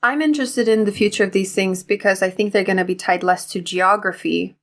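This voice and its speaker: A woman's voice: mid-range voice, fairly quick. Chatty woman co-host, lots of "like". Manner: chatty, animated, many "like"s. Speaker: podcast co-host. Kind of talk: casual chat.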